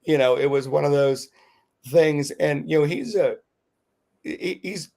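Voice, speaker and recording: A middle-aged man, a podcast co-host, telling a rambling, animated story in casual chat with lots of fillers. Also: a little high, measured pace, creaky.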